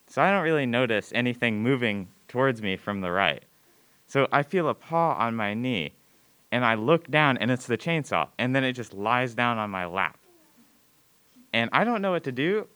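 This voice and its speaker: A teenage boy tells a personal story to a live crowd, his voice bright and crisp. He hesitates often and pokes fun at himself, leaning on "like" and "you know". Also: mid-range voice. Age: teens. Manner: hesitant, filler-heavy, self-mocking. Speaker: student storyteller.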